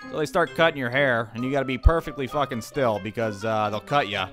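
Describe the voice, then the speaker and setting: A man's voice: mid-range voice, brisk, few pauses, a bit bright, soft background music. Profane, exasperated comic storyteller man. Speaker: stand-up comedian.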